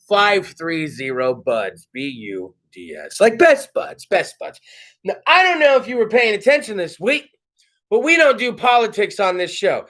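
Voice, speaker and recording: A man hosting his casual comedy chat show from home, loud and joking. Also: high voice. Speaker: podcast host. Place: home studio.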